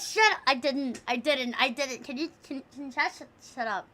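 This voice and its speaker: A woman's voice: high-pitched, measured pace, heavy background noise. A woman streamer in casual livestream chat, rambling, swearing a lot and breaking into giggles.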